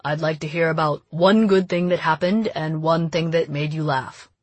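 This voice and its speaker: A woman reading an audiobook, voicing a calm, gentle middle-aged father in a soft, measured, reassuring tone. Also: low voice, no echo. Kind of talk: audiobook character voice.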